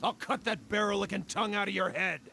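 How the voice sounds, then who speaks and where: Man doing drunk brawling townsman, gravelly, tense, menacing. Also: sits high, quick pace, bright, forceful tone, a little hiss or hum, pitched above the performer's own voice, full character voice. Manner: menacing, growled threats. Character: drunken, snarling male townsman, spoiling for a fight.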